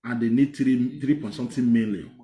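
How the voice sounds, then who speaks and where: A man with a Nigerian accent giving animated political commentary on clips. He is excited and mocking, laughs often, and mixes Pidgin with English. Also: medium pitch, a little fast, roomy sound.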